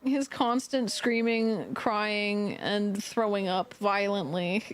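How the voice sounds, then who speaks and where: A woman's voice: mid-range voice, steady tone, slow pace. A woman streaming, chatting casually, often laughing and talking fondly to her dog. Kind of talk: casual live-stream chat.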